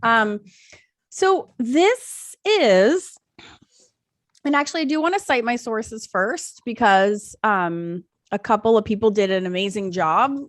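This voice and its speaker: A middle-aged woman co-hosting a podcast in casual chat, rambling and animated with many restarts. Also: fairly high pitch, takes it slowly, dry recording, clean studio sound. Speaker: podcast co-host.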